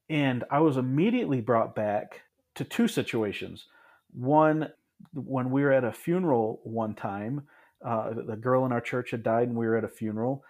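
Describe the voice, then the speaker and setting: A man in his thirties from Michigan, a podcast guest telling his story in a relaxed, reflective way, with frequent restarts and asides. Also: mid-range voice, moderate pace. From Michigan, USA. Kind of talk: casual storytelling in an interview.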